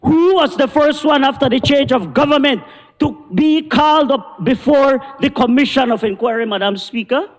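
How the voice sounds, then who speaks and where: A man's voice: extremely high pitch, moderate pace. A man with a Belizean accent, a member of parliament giving an indignant, combative debate speech. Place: parliament chamber. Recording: long reverb of a large chamber.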